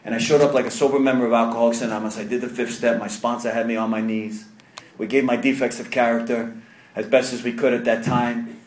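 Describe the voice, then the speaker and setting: A man telling his own story to a live audience at a recovery meeting, animated and self-mocking, acting out other people's voices as he goes. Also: medium pitch, fast talker, slight background noise. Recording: echoey room.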